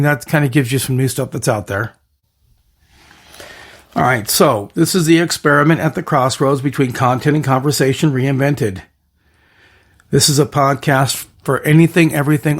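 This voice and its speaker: A man hosting his own podcast, rambling through an energetic monologue full of catchphrase lists and restarts. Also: mid-range voice, moderate pace. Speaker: podcast host.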